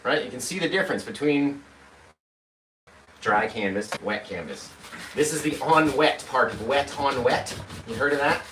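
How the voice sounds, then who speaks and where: A man's voice: mid-range voice, expressive, moderate pace, long pauses, fairly bright tone. A man hosting a live painting tutorial, chatty and upbeat, walking viewers through each step. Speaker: painting instructor. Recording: roomy, distant mic, faint noise.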